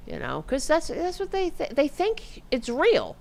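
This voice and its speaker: A woman's voice: high-pitched, very animated, a little slow, few pauses. A woman hosting a political talk stream, ranting with sarcasm and profanity and reading online comments aloud mockingly. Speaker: host.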